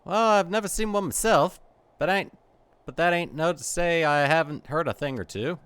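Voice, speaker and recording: A man voicing a low-born male soldier in a video game, talking in a folksy, rough way with dropped grammar. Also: animated, moderate pace, natural voice. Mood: eager.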